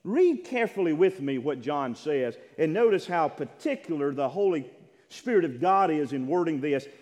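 A man preaching a sermon from a church pulpit, fervent, dropping to a hush and rising to shouts, repeating phrases and calling for amens. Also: fairly high pitch, expressive, moderate pace. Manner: fervent, swings from hushed to shouting. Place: church sanctuary. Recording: long hall reverb.

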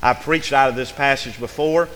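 Male pastor, bright forceful voice, emphatic chanting sermon delivery, long church reverb. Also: medium pitch, moderate pace, a little hiss or hum. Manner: preacherly, rising to an emphatic chant. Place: church sanctuary.

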